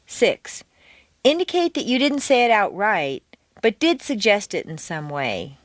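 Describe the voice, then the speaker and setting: A woman teaching pronunciation on a scripted audio course, speaking deliberately and exaggerating the stressed words. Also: medium pitch, sing-song, no room sound.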